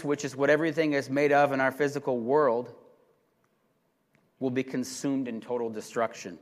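A pastor preaching a sermon with emphatic delivery that rises to loud, urgent exhortation. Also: male voice, mid-range voice, in a large hall.

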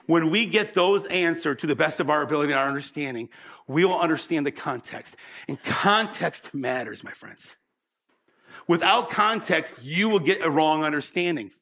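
A man preaching a sermon as pastor, an animated storyteller who acts out the voices in his stories and draws the audience in. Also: fairly high pitch, normal speed.

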